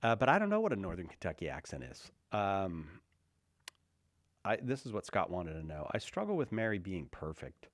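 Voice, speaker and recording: Lively low-voiced radio host. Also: male voice, normal speed, no echo, studio quality. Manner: playful and joking. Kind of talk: call-in radio talk. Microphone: studio microphone.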